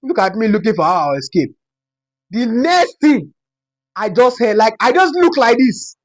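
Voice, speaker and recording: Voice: medium pitch, big pitch swings, moderate pace. Dramatic Nigerian-accented young storyteller. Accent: Nigerian, Yoruba-inflected. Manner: dramatic, repeats phrases for effect. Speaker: storytime vlogger. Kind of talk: casual storytelling.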